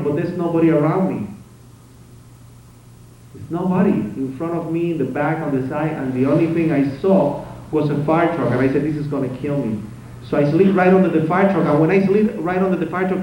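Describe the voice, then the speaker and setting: A man giving a conference speech as first-person testimony, telling it dramatically with swings between loud outbursts and hushed passages. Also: a little high, fairly quick. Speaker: conference speaker. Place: conference hall. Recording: very echoey hall, distant mic, faint noise.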